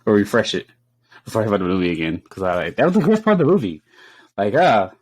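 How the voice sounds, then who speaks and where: A man co-hosting a podcast, chatting casually and animatedly, with bursts of high-pitched exclamations and laughter. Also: wildly swooping pitch, fast talker, breathy edge, no room sound. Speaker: podcast co-host.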